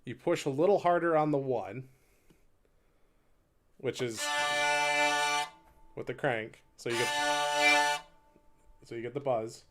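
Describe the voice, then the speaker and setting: A man's voice: medium pitch, slow, pauses often, loud music behind the voice. A man live-streaming his instrument practice, chatting casually with viewers, rambling, laughing at himself and counting beats aloud. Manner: rambling, self-deprecating, laughs often; talks while playing, counting beats aloud. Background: faint hurdy-gurdy drone.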